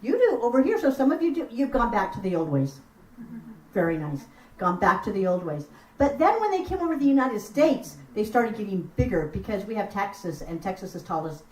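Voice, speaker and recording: A woman storyteller with a lively, swooping voice tells folk tales to a small live audience, talking with them as she goes. Her voice sits a little high for a woman and rings in a roomy space, picked up from some distance. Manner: expressive, lively, chats with the audience. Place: room at a house concert. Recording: roomy sound from far off.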